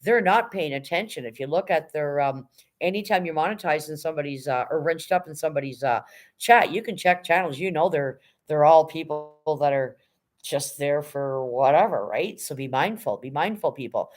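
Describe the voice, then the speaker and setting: A woman's voice: deep voice, lively intonation, moderate pace. A middle-aged woman chatting casually on a livestream, greeting her chat and speaking bluntly. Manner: blunt, no-nonsense. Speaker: live streamer greeting chat.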